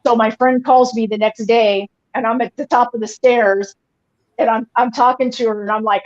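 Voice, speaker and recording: A woman's voice: a little high, fairly even intonation, moderate pace, highs cut off. A woman in her forties telling a personal story in casual chat, rambling with lots of "like" and "you know". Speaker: guest on a fan podcast.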